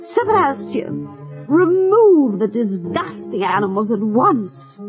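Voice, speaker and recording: Woman reader doing a strict storybook governess, sharp and scolding, slow and gravelly. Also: on the high side, sing-song, voice pushed up, exaggerated voice. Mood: angry. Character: stern, strict middle-aged governess. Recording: muffled with faint music.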